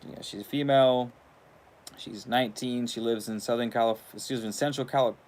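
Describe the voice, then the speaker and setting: A man's voice: medium pitch, fairly even intonation, a little fast, darkish tone. A man hosting his channel in a casual, rambling monologue, swearing freely and laughing between thoughts. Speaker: channel host.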